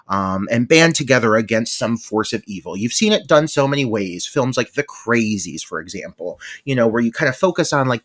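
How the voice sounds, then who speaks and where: A man co-hosting a podcast in casual chat, animated and gushing, laughing often. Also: mid-range voice, no echo, clean studio sound. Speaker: podcast co-host.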